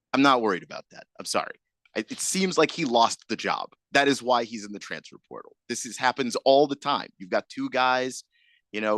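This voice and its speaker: Low-ish guy on sports radio, stumbly restarts, dry studio mic. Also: fairly bright tone, dry recording. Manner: hesitant, restarts often, then rushes. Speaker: sports radio show host. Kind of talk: casual radio chat.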